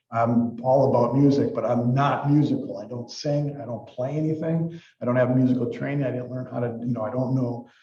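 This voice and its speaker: A man's voice: mid-range voice, warm tone, echoey room, muffled recording. A man giving a university psychology lecture in a casual, rambling way, full of fillers and restarts. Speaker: psychology professor.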